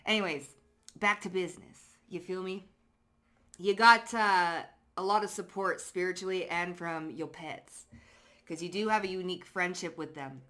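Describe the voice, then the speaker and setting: Woman, tarot reader, casual and slangy, cursing, clear bright tone. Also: on the low side, moderate pace. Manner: chatty, slangy, swears freely, talks straight to the viewer; lively storytelling with frequent laughs. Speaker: psychic tarot card reader. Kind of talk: casual pick-a-card tarot reading.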